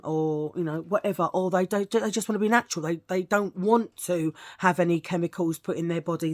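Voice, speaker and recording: A woman's voice: on the low side, darkish tone. A middle-aged woman chatting casually and frankly in a beauty product review vlog, rambling from one point to the next. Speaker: beauty vlogger.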